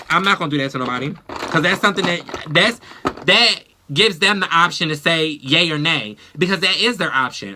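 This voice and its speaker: A woman's voice: fairly low pitch, sharp tone. A woman beauty vlogger in a casual get-ready-with-me chat, talking bluntly and with a lot of profanity.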